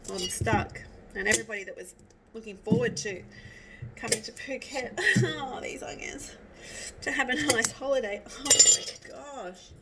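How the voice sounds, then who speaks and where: A woman's voice: on the high side, normal speed, heavy background noise. A woman rambling chattily while she cooks, teary and sniffly from cutting onions. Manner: chatty, rambling, self-interrupting. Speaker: vlogger cooking at home. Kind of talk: casual chat while cooking. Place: home kitchen. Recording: distant mic with loud kitchen clatter. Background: cutlery and dishes clattering.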